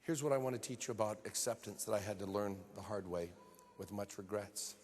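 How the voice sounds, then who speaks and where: A man preaching a sermon earnestly, building to emphatic high-pitched peaks. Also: fairly quick, darkish tone, breathy edge. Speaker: pastor. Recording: long hall reverb.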